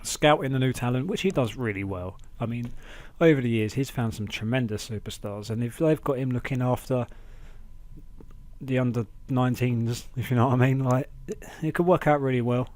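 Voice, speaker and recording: A man hosting a casual wrestling review podcast, chatty and excitable, talking into a close mic at home. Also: medium pitch, moderate pace. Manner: chatty, excitable, acts out quotes in raised voices. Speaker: podcast host.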